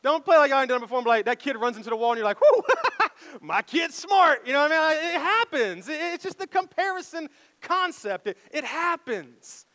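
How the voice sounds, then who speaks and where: A male pastor delivering a sermon in a conversational, animated way, throwing rhetorical questions to the room. His voice sits very high for a man. A long reverb from the church sanctuary hangs behind his words. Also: quick pace. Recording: echoey hall reverb.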